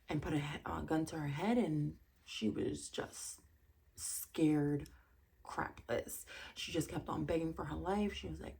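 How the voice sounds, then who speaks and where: A woman casually recapping a reality TV episode, chatty and quick to laugh, with incredulous asides. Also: low-pitched, creaky, a little mellow, breathy edge.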